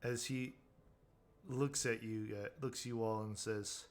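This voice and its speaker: A man narrating a tabletop game as game master, describing scenes in an unhurried way. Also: on the low side, steady tone, soft background music.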